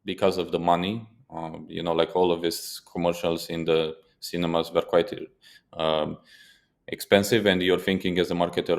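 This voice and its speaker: A man with a very low voice co-hosts a casual podcast discussion. He tells stories with animation and drops curse words for emphasis. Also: moderate pace. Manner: animated storyteller who swears for emphasis. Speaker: podcast co-host.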